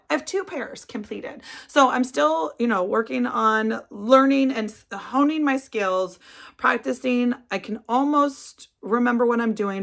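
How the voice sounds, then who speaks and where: A middle-aged woman hosts a crafting video from her couch at home. She talks in a chatty, rambling way with lots of restarts. Her slightly high voice has a gravelly fry. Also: fairly bright tone. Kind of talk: casual chat. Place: indoors, sitting on a couch at home.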